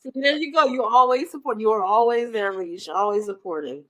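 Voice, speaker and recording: Talking a little fast, this Omaha, Nebraska native speaks on the high side, with a bright and forceful tone. She's a Broadway performer and an interview guest, spinning stories in an eager, chatty manner peppered with ums during a casual interview.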